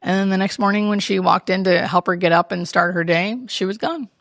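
A woman's voice: mid-range voice, fairly quick, dry recording, clean studio sound. A woman, a hospice nurse, telling stories in an interview and acting out the voices of the people in them. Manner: animated storyteller who acts out quoted speech. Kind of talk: interview storytelling.

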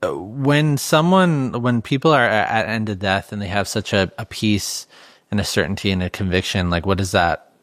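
Male podcast host, low pitch, halting and thoughtful, dry close mic. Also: a bit bright, no echo. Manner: halting, searching phrasing with fillers. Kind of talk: interview questions.

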